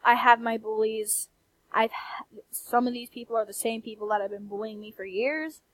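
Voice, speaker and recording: Soft-spoken young woman with a country accent. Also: fairly high pitch, steady tone, moderate pace, a little hiss or hum, rough recording. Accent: American country. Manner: candid, blunt, sprinkled with swearing. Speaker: vlogger. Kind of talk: soft-spoken late-night rant. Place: quiet room late at night.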